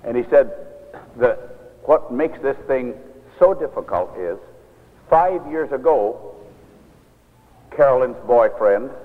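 A minister telling a story in a sermon, earnest and measured, often quoting scripture. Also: male voice, medium pitch. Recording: tinny lo-fi recording in an echoey hall.

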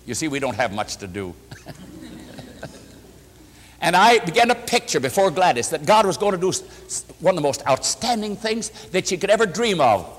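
A man's voice: high voice, big pitch swings, moderate pace, long reverb tail. A man preaching a sermon, telling a story with emphatic, pleading delivery. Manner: emphatic, rising to impassioned pleading.

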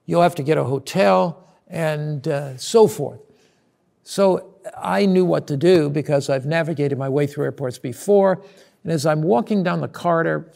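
Man, pastor, earnest sermon-style preview, gravelly, a bit high. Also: darkish tone. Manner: earnest, retells a personal story with quoted dialogue; repeats words when restarting.

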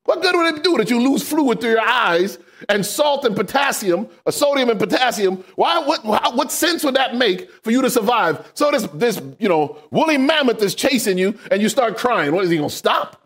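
A man preaching a sermon, asking the congregation questions and rising to shouts for emphasis. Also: very high voice, moderate pace, hardly any pauses. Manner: animated preaching with call-and-response questions.

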